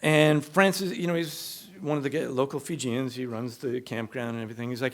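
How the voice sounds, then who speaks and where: Brief: male live storyteller, mid-pitched, chatty and animated, acts out the quotes. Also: brisk, few pauses. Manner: conversational, animated, acts out what people said. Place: stage of a comedy club.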